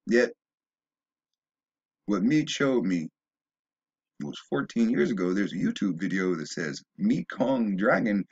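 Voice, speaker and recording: A man's voice: on the low side, lively intonation, slow pace, long pauses, a little mellow, husky, dull audio. A man delivering a rambling opinion monologue, often stumbling and restarting, then rising into emphatic bursts. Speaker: video blogger.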